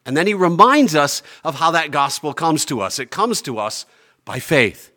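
Pastor guy preaching, slows way down on the big lines, loud then soft. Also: a little high, very animated. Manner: emphatic, slows down on key phrases; swings between loud declarations and quiet asides. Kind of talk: sermon.

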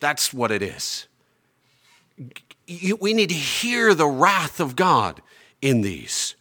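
A man preaching a sermon from the pulpit. He leans on key phrases, drawing them out slowly. His volume swings from ringing declarations down to hushed, quiet asides. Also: a little high, big pitch swings. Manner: emphatic, slows down on key phrases. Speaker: pastor.

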